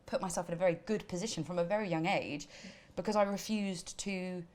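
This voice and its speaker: A woman talking at a brisk, tumbling clip as an interview guest. She tells her stories animatedly and acts out what people said along the way. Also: lowish voice. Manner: animated storyteller, acts out quoted lines. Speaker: singer-songwriter and actor, interview guest. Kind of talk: casual chat.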